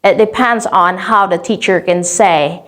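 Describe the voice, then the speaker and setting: A woman's voice: mid-range voice, a bit bright. Woman explaining vocabulary teaching methods. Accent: Vietnamese. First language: Vietnamese. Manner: clear, deliberate, stretches example words slowly. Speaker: English teacher trainer. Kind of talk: instructional lesson on teaching vocabulary.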